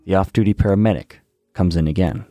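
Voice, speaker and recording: A man's voice: sits low, fast, mellow, faint music behind. A man narrating a true story in a conversational way, with teasing asides to the listener.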